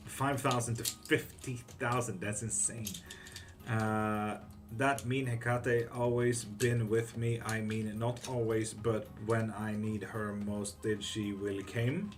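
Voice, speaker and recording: A man's voice: on the low side, flat delivery, takes it slowly, music in the background. A man hosting a casual livestream tarot reading who reads viewers' questions aloud and answers them bluntly, swearing freely.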